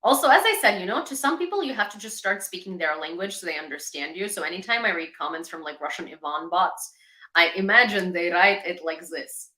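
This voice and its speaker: A host from Ukraine, a woman, delivers livestream news commentary in a chatty, sarcastic way. Her bright, medium-pitched voice echoes around the room, with lively intonation and a slightly quick pace.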